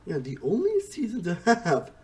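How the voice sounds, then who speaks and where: A man's voice: sits high, wildly swooping pitch, moderate pace. A man giving a casual, rambling spoken review, repeating himself and saying "honestly" often.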